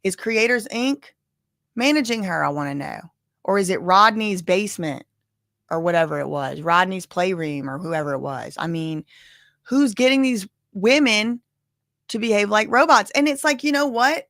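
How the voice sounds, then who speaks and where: A woman's voice: mid-range voice, lively intonation, normal speed, fairly bright tone, no room sound, studio quality. A woman casually commenting on a live trial, chatty and opinionated, often saying "like" and "y'all".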